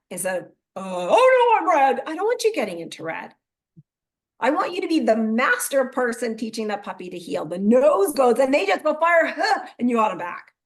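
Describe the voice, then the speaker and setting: In an easygoing interview, a middle-aged woman coaching mental performance speaks at medium pitch and dramatizes inner thoughts through spirited quoted voices.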